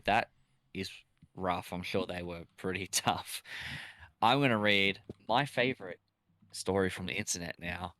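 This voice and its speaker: A young man hosting a casual live stream, chatting and reading messages aloud. He laughs easily and keeps things loose. His voice sits low, and the sound is dry and close. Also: a little slow, pushed and bright, no echo. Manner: chatty, laughs often, reads chat aloud.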